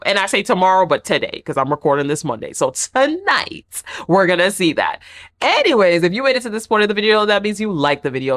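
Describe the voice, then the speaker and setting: A woman's voice: lowish voice, fairly bright tone. A woman giving a casual, opinionated reality-show recap in a chatty, playfully dramatic way. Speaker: TV recap vlogger.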